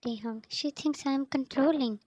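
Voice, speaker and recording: A woman's voice: high voice, normal speed, a little mellow, no echo, natural voice, low-quality recording. Woman reading as a stubborn young heroine. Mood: upset.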